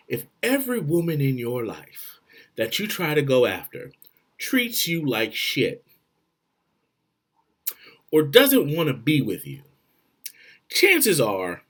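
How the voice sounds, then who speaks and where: A man giving blunt, profane relationship advice straight to the camera, swinging between loud and quiet. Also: on the high side, breathy edge. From Florida. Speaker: vlogger.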